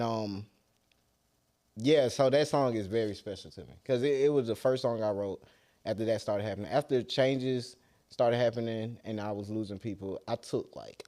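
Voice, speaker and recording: A man's voice: fairly low pitch, darkish tone. A young man from Atlanta with a Southern accent, chatting loosely as an interview guest and trailing off at the ends of thoughts. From Atlanta, USA. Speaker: rapper guest. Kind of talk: casual interview chat.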